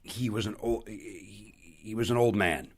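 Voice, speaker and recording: A man, a comedian guest on a podcast, telling a story in casual chat with frequent restarts and loud bursts when he quotes people. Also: fairly low pitch, a little slow, breathy edge. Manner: animated, bursts loud when quoting others; restarts and trails off often.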